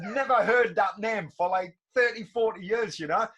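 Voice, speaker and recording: A man's voice: sits high, normal speed, a bit bright. A man in his fifties from England, hosting a podcast as a chatty storyteller who often repeats himself. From North East England. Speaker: podcast host. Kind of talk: casual conversational interview.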